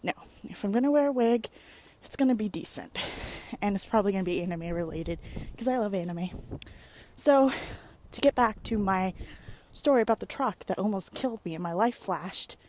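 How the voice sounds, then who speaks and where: Young woman, casual vlogger, rambling and chatty. Animated storyteller, recorded close on a phone. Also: medium pitch, moderate pace, slight background noise. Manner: rambling, animated storytelling with many "like"s and playful exclamations. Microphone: phone or webcam at arm's length.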